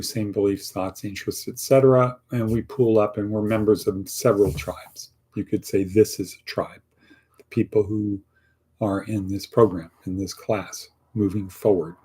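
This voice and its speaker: A middle-aged man leads a casual class in a low, husky, mellow voice. He coaches by acting out sample answers and repeats key lines for emphasis. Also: steady tone, unhurried. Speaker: teacher of a career class. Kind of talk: casual online lesson.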